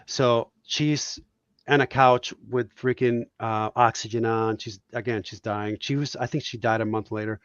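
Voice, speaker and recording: A man's voice: medium pitch, fairly even intonation, normal speed, a bit bright, clear, resonant tone, no echo, lo-fi sound. A man from Puerto Rico, a guest cartoonist, telling reflective, heartfelt stories in a casual podcast chat.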